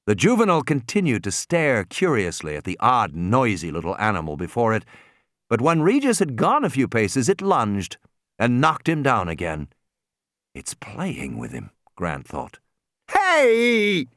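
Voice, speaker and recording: Lively male audiobook narrator, dry studio. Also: medium pitch, moderate pace, dry recording. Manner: energetic, lively storytelling.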